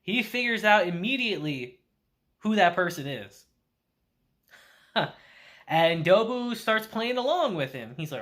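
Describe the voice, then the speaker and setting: A man recaps an anime episode casually, acting out the characters' quotes with animated storytelling. His voice sits high, unhurried, and he pauses often.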